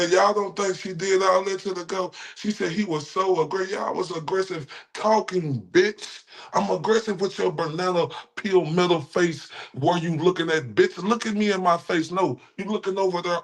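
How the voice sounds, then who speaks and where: A man with a Texan accent, a streamer ranting with heated, taunting, profane commentary at his viewers. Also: sits high. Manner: heated, repetitive, taunting, addresses viewers as y'all. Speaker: streamer reacting to clips.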